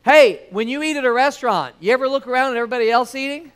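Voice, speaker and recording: A man's voice: very high-pitched, racing, fairly bright tone, clean tone. A middle-aged man preaching a sermon in a church, conversational and joking, calling out to the congregation for amens. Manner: conversational, joking preacher with audience call-outs. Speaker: pastor. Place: church sanctuary with balcony.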